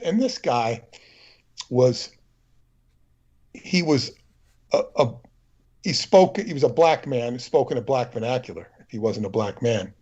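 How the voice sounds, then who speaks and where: Husky-voiced man telling a rambling story. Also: medium pitch, lively intonation, unhurried, pauses often, darkish tone, muffled recording. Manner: digressive, opinionated storytelling. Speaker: livestream co-host. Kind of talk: rambling anecdotal chat.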